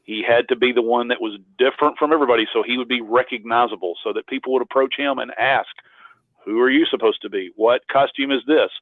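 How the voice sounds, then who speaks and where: Brief: male guest, medium-pitched, rambling stories full of restarts, thin phone-like sound with no room echo. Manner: rambling anecdotes with frequent restarts. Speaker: interview guest, cosplayer. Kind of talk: casual interview storytelling.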